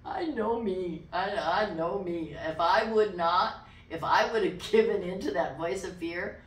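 Animated woman pastor, echoey room. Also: lowish voice, unhurried. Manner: animated storyteller, drops to a whisper for quoted voices. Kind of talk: personal testimony in an interview. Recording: echoey room, distant mic.

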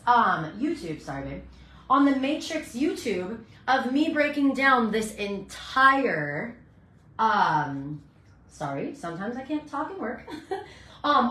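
A woman's voice: sits high, fairly bright tone. Bubbly woman teaching hair coloring. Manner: bubbly, chatty, talks while working. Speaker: hairstylist educator. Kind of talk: live hair coloring tutorial. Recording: echoey room.

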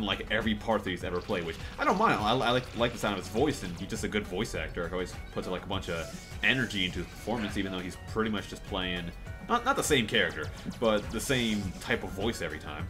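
A man rambles through casual gameplay commentary, swearing freely and tripping over fillers. His voice sits on the low side but swings around with lively pitch. Loud game music plays under him throughout. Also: fast. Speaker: let's play commentator.

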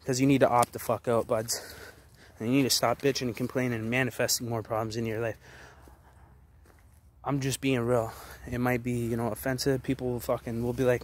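A man's voice: mid-range voice, flat delivery, a little hiss or hum. Aggressive young man ranting with heavy swearing. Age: 20s. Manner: aggressive, heavy swearing, rapid-fire declarations. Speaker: vlogger. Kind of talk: angry profane rant to camera. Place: outdoors in a forest.

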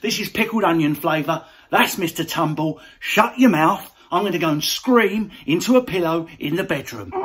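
A man's voice: fairly high pitch, lively intonation, normal speed, hardly any pauses, a bit bright, slightly rough. A man, a comedian, delivering a brash, sweary, mocking comic rant.

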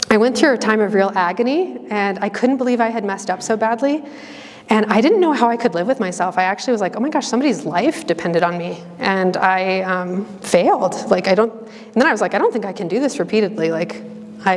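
A woman sharing her story in an earnest, chatty way. Her voice sits mid-range and carries a long reverb from a big hall. She stops and restarts often, with lots of fillers. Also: medium pitch. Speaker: religious sister giving a talk. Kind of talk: personal testimony talk. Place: campus ministry hall.

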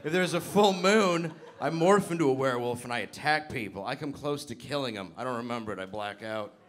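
A deadpan young patient who believes he turns into a werewolf, as a stand-up comedian acts him out. He speaks in a flat, matter-of-fact mumble, low and subdued. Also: a little fast, natural voice.

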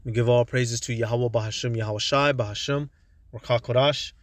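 A man's voice: medium pitch, steady tone, no echo. Blunt, profane man preaching from a car. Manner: blunt and profane, with street slang; halting, stumbles over words. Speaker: religious teacher. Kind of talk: informal preaching monologue.

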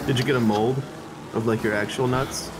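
A man's voice: medium pitch, fairly even intonation, normal speed, heavy background noise. A man hosting an online game lobby, teasing friends, laughing and swearing. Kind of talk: excited gaming chat.

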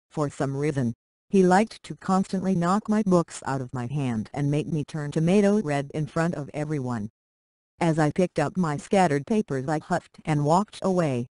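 A computer voice reading a first-person short story aloud in an even, flat delivery. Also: medium pitch, no echo, low-quality recording. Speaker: narrator.

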